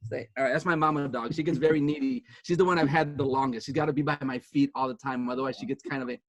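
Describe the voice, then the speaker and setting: Speaking quickly in a steady tone, a high-spirited man in his fifties joins a video call from home, dogs close by, to deliver a motivational talk as a guest speaker. His upbeat, chatty delivery runs long and circles back on itself.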